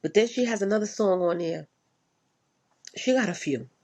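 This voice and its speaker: Woman, husky voice, casual profane rant, blunt and repetitive. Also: medium pitch, expressive, moderate pace, darkish tone. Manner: blunt and profane, repeats herself for emphasis.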